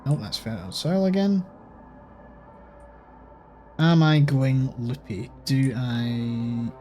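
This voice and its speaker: A man's voice: mid-range voice, takes it slowly, mellow, faint music behind. A man with a Scottish accent giving casual let's-play commentary, thinking aloud and swearing offhandedly as he plays. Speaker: gaming channel host.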